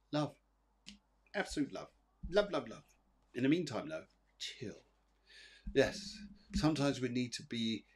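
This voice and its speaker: Speaking with a fairly low, slightly rough voice, a psychic medium runs his live show and offers readings to viewers, calling them by name. He comforts and reassures them, though he rambles, repeats phrases and keeps restarting amid plenty of fillers.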